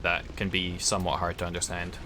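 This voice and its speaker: A man's voice: low voice, monotone, fairly quick, background noise. A Scottish man streaming a video game, chatting casually with viewers and rambling as he answers their questions. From Scotland. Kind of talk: casual chat while gaming.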